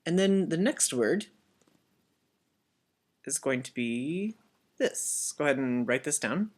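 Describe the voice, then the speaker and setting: A man's voice: on the high side, lively intonation, takes it slowly. A man teaching a language lesson for children, patiently spelling out words and having learners repeat after him. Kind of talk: slow classroom language lesson.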